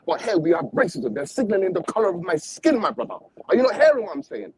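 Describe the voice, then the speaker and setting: Heated guy on a stream panel, talks fast, high and all over the place. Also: sing-song, darkish tone, slight background noise, rough recording. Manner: impassioned, repetitive, confrontational. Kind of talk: heated debate.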